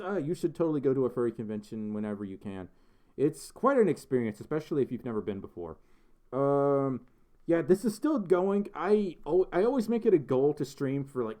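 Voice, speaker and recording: A congested man chats his way through a livestream with a lively, bouncing pitch. He rambles and fills gaps with um and uh as he answers questions from the chat. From United States. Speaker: livestream host reading chat. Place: indoors, in a fursuit.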